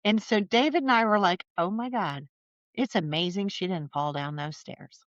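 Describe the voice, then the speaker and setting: A middle-aged woman, a podcast guest, telling family stories in a chatty, animated way with lots of fillers. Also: medium pitch, moderate pace, no echo, muffled recording. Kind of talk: casual storytelling conversation.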